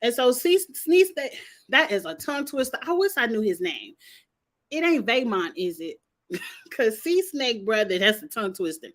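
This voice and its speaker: A woman's voice: a little high, moderate pace. Sassy woman recapping a TV episode. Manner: sassy, animated retelling with playful cursing. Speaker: show recap host.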